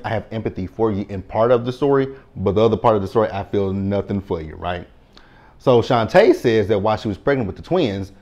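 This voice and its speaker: A man hosting a casual recap, chatty and quick to laugh, swearing freely. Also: lowish voice, a little mellow, highs cut off. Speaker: recap host.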